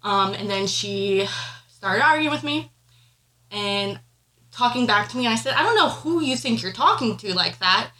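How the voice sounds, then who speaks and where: Her medium-pitched voice is bright and forceful, with lively intonation at normal speed, in a low-quality recording. The pregnant woman co-hosts a podcast, casually and emotionally retelling a family argument with many fillers.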